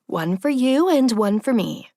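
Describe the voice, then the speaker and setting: A woman's voice: a little high, big pitch swings, no room sound, studio quality, pitched above the performer's own voice, exaggerated voice. A woman doing a playful, teasing young woman. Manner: bright, teasing, quick to react. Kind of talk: audiobook character voice.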